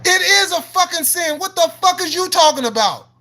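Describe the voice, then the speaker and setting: A man with a very high, bright voice rants on his livestream, swearing freely and answering viewers in the chat. He argues in a combative, preachy way, repeats himself and breaks into laughs between points. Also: animated, fairly quick, few pauses. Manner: preachy and argumentative, quoting scripture. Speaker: livestream host. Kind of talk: live-stream rant answering chat.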